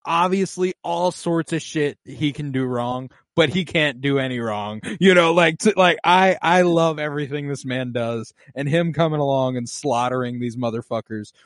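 A man co-hosting a podcast, recapping a show in casual chat and acting out quotes with big jumps in pitch. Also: moderate pace, few pauses, no echo, clean studio sound. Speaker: podcast co-host.

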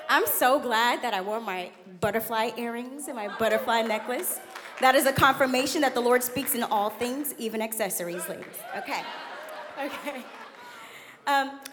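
Animated young woman preaching in a reverberant church. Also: a little high. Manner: animated, laughing, candid storytelling. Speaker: guest preacher. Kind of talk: sermon. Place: church sanctuary. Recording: long hall reverb.

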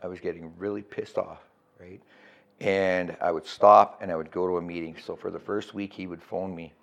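A man's voice: sits low, little pitch movement, moderate pace, creaky. A middle-aged man telling his recovery story as a guest, candid and profane, often checking in with "right?".

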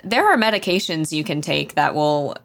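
A woman's voice: low-pitched, lively intonation, moderate pace, creaky, a bit bright, a little hiss or hum. A woman hosting a podcast, telling a story in a casual, rambling way and swearing now and then. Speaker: podcast host.

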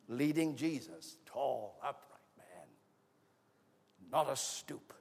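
A man preaching a sermon in an auditorium, telling a story dramatically, acting out the voices and building to shouts. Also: on the high side. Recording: long hall reverb.

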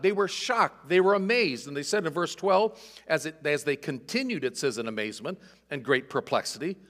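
A man's voice: a little high, expressive, brisk, a bit bright. A man preaching an expository sermon in a conversational way, reading scripture aloud with dramatic emphasis. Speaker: pastor. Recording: long hall reverb.

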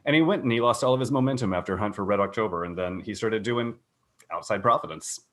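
A man's voice: fairly low pitch, very fast. A man on a podcast telling dry, wry stories about an actor's career. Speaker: podcast guest. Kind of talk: casual chat about a film.

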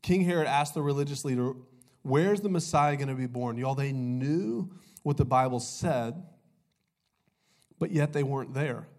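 A man's voice: mid-range voice, normal speed, darkish tone. A young man preaching a sermon, his voice a little off from a cold, chatty and joking with the congregation. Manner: conversational, jokey, says "y'all" often. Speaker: pastor.

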